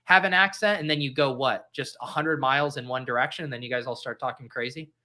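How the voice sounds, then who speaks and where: A young adult man from Colorado, hosting a casual podcast interview in a chatty, upbeat way with quick asides. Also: medium pitch, sharp tone. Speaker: host.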